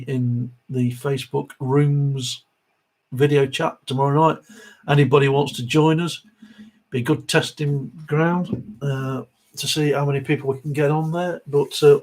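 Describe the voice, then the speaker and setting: A man's voice: a little high, darkish tone, low-quality recording. A middle-aged man hosting a live Q&A stream, chatting casually and reading viewer comments aloud.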